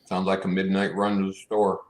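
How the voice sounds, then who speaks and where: A man's voice: low-pitched, completely flat delivery, fairly quick, background noise. A man making short reactions in a casual chat.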